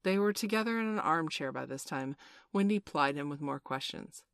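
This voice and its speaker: A woman narrating a classic children's story aloud in a gentle, expressive way. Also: low-pitched, normal speed, vocal fry, no echo.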